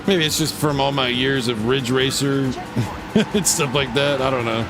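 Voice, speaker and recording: A man's voice: medium pitch, fairly even intonation, unhurried, music in the background. A man hosting a casual live gaming stream, chatting and reacting to viewer comments while he plays. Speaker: livestream host.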